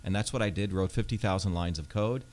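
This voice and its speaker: Man, 50s, earnest, fluent, filler words, low pitch, studio interview. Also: fast, darkish tone. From India. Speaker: Senate candidate, guest. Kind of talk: radio interview. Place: radio studio.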